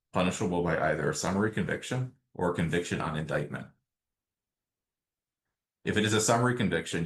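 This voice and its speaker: A man presenting a webinar on export law in a measured, explanatory way, working through slides one by one. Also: sits low. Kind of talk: prepared legal presentation. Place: remote setting, webinar.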